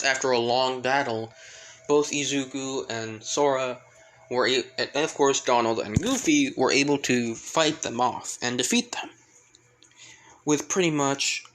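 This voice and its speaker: A man's voice: medium pitch, a bit bright, a little hiss or hum, low-quality recording. A man casually retelling a fan fiction story, rambling and repeating fillers. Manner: rambling, fills with "pretty much".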